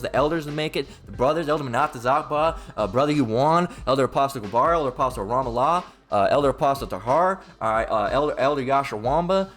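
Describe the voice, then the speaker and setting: A man's voice: mid-range voice, a bit bright. Man, informal bible lesson, blunt, emphatic, swears, repeats himself, faint music underneath. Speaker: religious teacher.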